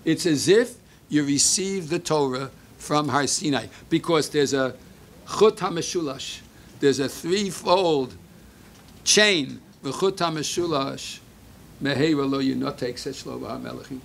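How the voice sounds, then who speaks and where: An older man giving a sermon, telling a story with Hebrew phrases mixed in, moving between hushed and emphatic delivery. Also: a little high, a little slow, gravelly, a little hiss or hum. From United States. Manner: mixes Hebrew phrases into English.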